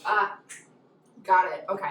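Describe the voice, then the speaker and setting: A woman co-hosting a casual hot wing interview at home, talking in an animated, ranting way. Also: medium pitch, measured pace, highs cut off, a little hiss or hum. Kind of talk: casual chat. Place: home room. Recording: echoey room, mic far off.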